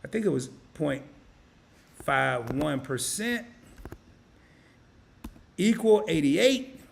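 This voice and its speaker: Speaking slowly in a gravelly, animated mid-range voice with a fairly bright tone, a man hosts an investing live stream; there's a little hiss or hum. He's folksy and casual, addressing viewers as y'all while he works through on-screen calculations, thinking out loud and fixing his mistakes as he clicks.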